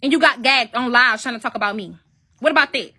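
A woman in her twenties, a commentary vlogger, delivers a profane, mocking rant, repeating taunting questions. Her voice is a little high, pushed and bright, and she talks fast.

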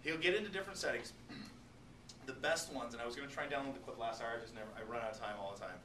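Animated male teacher in an echoey classroom. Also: medium pitch, racing. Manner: animated, joking, talks straight to students. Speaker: biology teacher. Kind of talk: classroom lecture. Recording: echoey classroom, distant mic, noisy.

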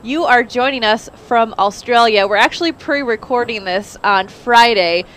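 A woman's voice: on the high side, normal speed, fairly bright tone, slight background noise. A woman hosting a live online talk show, chatty, with frequent "uh"s and easy laughter. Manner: chatty, laughs easily, filler "uh"s. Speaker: host. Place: Indiana, US.

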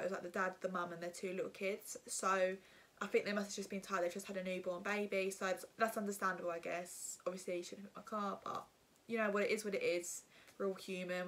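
A young woman vlogger with a mid-range, slightly bright voice tells her viewers a casual storytime. She rambles in a chatty way, packing her talk with fillers.

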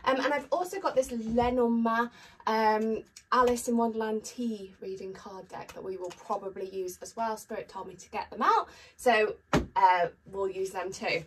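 A woman's voice: fairly high pitch, normal speed. A woman chatting casually to camera as a tarot reader, upbeat with frequent ums. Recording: distant mic with faint noise.

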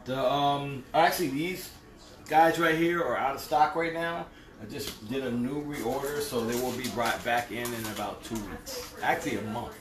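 A man co-hosting a cooking livestream, explaining steps in a relaxed way with frequent ums. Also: mid-range voice, moderate pace, far from the mic, crowd noise. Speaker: cooking show co-host. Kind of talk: casual cooking livestream chat. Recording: echoey kitchen with background noise.

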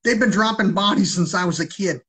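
A man's voice: high-pitched, brisk, a bit bright, husky. Agitated, heavily swearing man livestreaming.

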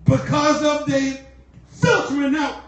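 A woman preacher with a very high voice delivers a sermon in a loose, slangy storytelling style. She repeats her points and rises into fervent, shouting bursts. She sounds far from the mic in a heavily echoing church. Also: fairly even intonation, takes it slowly. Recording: echoey hall from far off.

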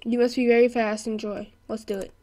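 Excitable young woman playing a game. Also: a little high, a little fast. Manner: excitable, laughing, yelling at the game. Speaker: gameplay commentator. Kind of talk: let's play commentary.

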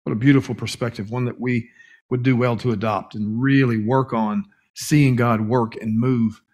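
A man's voice: mid-range voice, fairly even intonation, normal speed, a little mellow. A man preaching a sermon in a church as pastor, earnest, stretching key words for emphasis, with a few restarts. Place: church sanctuary.

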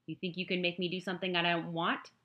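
A woman reading an audiobook, voicing a stubborn street girl who argues loudly and indignantly. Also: fairly low pitch, little pitch movement, quick pace, highs cut off, natural voice. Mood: defiant. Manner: indignant, raised voice.

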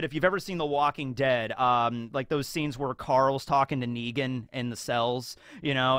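A man's voice: on the high side, normal speed, pushed and bright, no echo, clean studio sound. A man hosting a video in rambling, casual commentary full of fillers. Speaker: video host.

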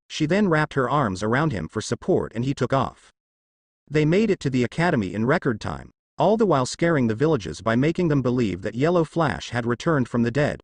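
A man narrating fan fiction with storybook pacing. He reads in a plain, steady way, and his pitch swings a lot. The recording is close and dry with no room sound. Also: brisk, dry recording.

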